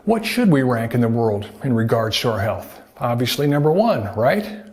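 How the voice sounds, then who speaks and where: A man who is a doctor talks straight to camera in a prepared health talk. His voice sits at an ordinary middle pitch. His tone is folksy, and he keeps throwing rhetorical questions at the listener. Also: very animated, moderate pace. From United States. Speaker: doctor presenting a health video.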